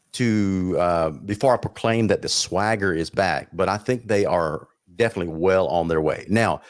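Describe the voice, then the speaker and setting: A man co-hosting a casual sports talk show, measured and playful. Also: fairly low pitch, no room sound, clean studio sound.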